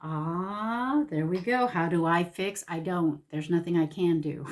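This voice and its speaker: A middle-aged woman, chatting reflectively in a vlog, soft-spoken and heartfelt, often sinking to a near whisper. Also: lowish voice, takes it slowly. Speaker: vlogger. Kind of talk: casual reflective chat.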